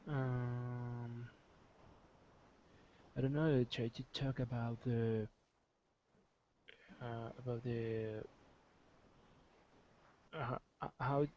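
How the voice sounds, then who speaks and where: A man student in an English lesson, answering hesitantly and searching for his words with many pauses. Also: mid-range voice, flat delivery, highs cut off, a little hiss or hum. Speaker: language student. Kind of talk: answering in class.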